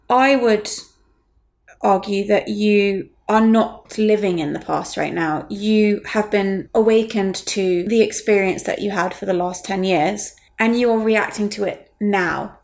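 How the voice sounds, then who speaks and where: A woman in her thirties, talking candidly and bluntly in a casual chat, swearing freely and rising in pitch as she heats up. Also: unhurried, creaky, darkish tone. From England.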